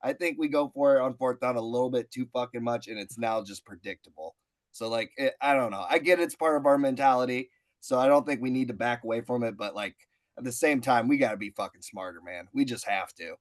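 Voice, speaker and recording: A man co-hosting a podcast, talking in an excitable, profane way. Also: medium pitch, a little fast. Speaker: co-host. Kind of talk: casual podcast banter.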